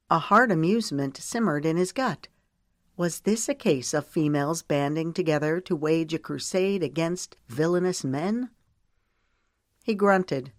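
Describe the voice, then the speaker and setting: A woman narrating a romance audiobook in a measured, even storytelling manner. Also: low-pitched, no room sound, clean studio sound.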